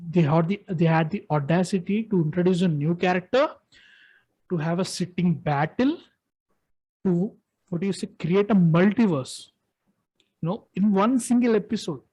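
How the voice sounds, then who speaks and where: Excitable man. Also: high-pitched, normal speed, breathy edge, low-quality recording. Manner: excited, rambling opinions with frequent restarts. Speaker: co-host ranking films. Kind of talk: casual chat.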